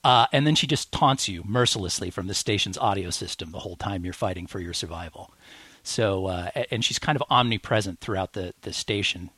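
A man's voice: low-pitched, a little fast, bright, forceful tone, husky, no echo. A man co-hosting a podcast, chatting eagerly and rambling with lots of fillers and restarts. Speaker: podcast co-host. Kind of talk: casual chat.

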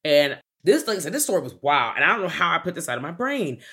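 A woman's voice: low-pitched, quick pace, breathy edge. A woman co-hosting a podcast, telling a film's plot in casual chat and acting out the characters' lines as she goes. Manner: animated storytelling, acts out the characters' lines. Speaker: podcast co-host.

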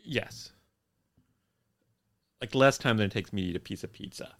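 A young man co-hosting a casual chat, recapping a plot with wry, deadpan humor. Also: on the low side, moderate pace. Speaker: podcast co-host.

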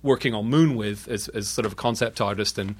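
A man's voice: lowish voice, brisk, breathy edge. A British man talking as a guest in a casual conversation, rambling with frequent restarts and self-deprecating humor. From Britain.

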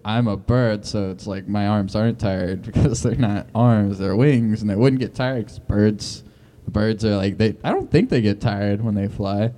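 A man doing a deliberately awkward stand-up bit, stammering, rambling and over-explaining every joke. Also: on the low side, dark tone. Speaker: comedian guest.

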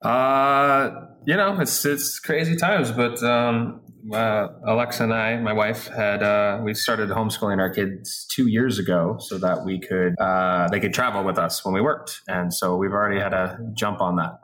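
A man's voice: fairly low pitch, fairly even intonation, moderate pace, hardly any pauses, a bit bright. A man being interviewed as a guest, talking in a rambling, self-deprecating way. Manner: rambling and self-deprecating, with many fillers and restarts. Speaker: guest actor. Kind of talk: casual interview chat.

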